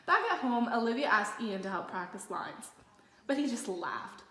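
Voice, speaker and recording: Woman narrator, fairly high voice, lively read-aloud, roomy echo. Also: moderate pace. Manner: lively, expressive storytelling. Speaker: storybook narrator. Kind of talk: reading a children's picture book aloud.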